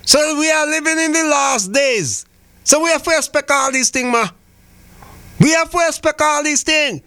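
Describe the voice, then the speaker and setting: A man's voice: very high voice, vocal fry, bright, forceful tone, no echo. An older man from Saint Vincent with a Vincentian Creole accent, giving heated political talk on radio, preachy and fiery, repeating phrases for emphasis. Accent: Vincentian Creole English.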